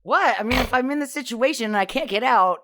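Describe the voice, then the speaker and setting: A woman's voice: a little high, fast, fairly bright tone. A woman bantering on a casual podcast, spinning playful and absurd reasoning.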